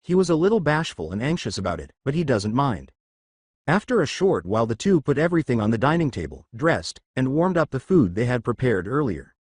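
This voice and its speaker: A man's voice: medium pitch, big pitch swings, fairly quick, darkish tone, slightly rough, no room sound. Casual: guy reading a fanfic story, voice goes up and down a lot, super dry close sound. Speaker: narrator.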